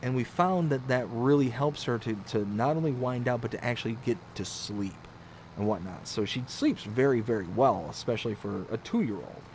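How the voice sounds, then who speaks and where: A man's voice: medium pitch, moderate pace, a little mellow, slight background noise. Rambling man chatting on a livestream. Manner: rambling storyteller, reads viewer comments aloud. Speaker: livestream host. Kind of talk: casual livestream chat.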